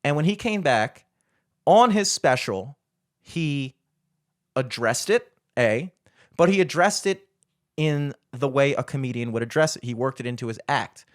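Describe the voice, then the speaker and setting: A man co-hosting a podcast in casual, animated chat, swearing and laughing often. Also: medium pitch, measured pace, no room sound, clean studio sound. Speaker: podcast co-host.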